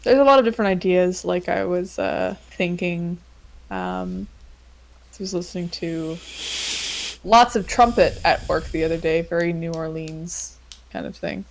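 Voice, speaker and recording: A woman with a lowish, sing-song voice hosts a casual podcast chat at a measured pace. She rambles, using lots of fillers and laughing often.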